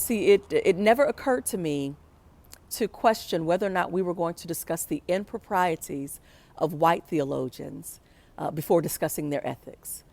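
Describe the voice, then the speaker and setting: Woman, personal storytelling, slightly low pitch, animated, reflective, acts out quoted voices. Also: moderate pace, vocal fry. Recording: pre-recorded for a virtual event.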